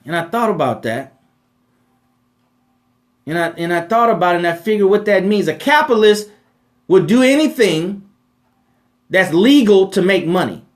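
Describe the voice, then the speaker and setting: This high-voiced man hosts a live money Q&A. His delivery is emphatic and preachy, with repeated phrases and lines capped by rhetorical "right?" asides.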